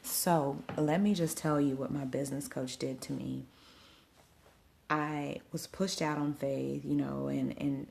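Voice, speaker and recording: Woman host, low voice with vocal fry, chatty storyteller talking to her livestream viewers at home. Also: fairly even intonation, unhurried, a little mellow, a little hiss or hum. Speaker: event host and live streamer. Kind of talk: casual livestream recap. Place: at home at night. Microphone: phone livestream.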